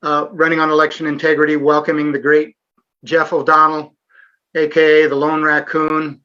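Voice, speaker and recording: A man's voice: a little high, completely flat delivery, normal speed, bright, forceful tone, smooth, muffled recording. A middle-aged man hosting a live online Q&A, talking earnestly with sarcastic asides and frequent fillers. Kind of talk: casual livestream interview.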